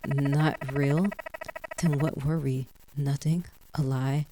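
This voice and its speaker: A woman's voice: low-pitched, fairly even intonation, slow pace, background noise. A woman reading as a bitter ghost husband. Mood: bitter, accusing. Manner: accusing, resentful.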